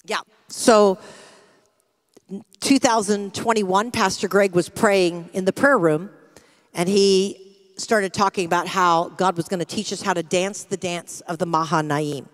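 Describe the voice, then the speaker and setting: A middle-aged American woman pastor preaching, telling a personal story with lively acted-out quotes. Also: medium pitch, a little slow. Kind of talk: sermon with storytelling. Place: church sanctuary. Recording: long hall reverb from a church.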